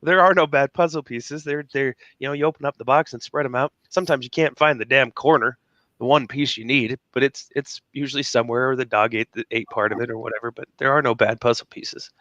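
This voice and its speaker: A man's voice: mid-range voice, fast talker, fairly bright tone, no room sound, muffled recording. Guy cohosting a motivational podcast, rambly, keeps laughing and repeating himself, mid voice. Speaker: podcast co-host. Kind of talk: casual motivational chat.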